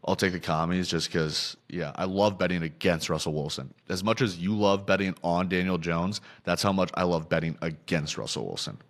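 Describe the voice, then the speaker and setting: Deep-voiced young man, dry close sound. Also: no echo. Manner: profane, animated storytelling with quick asides. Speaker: podcast host. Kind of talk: casual sports betting chat.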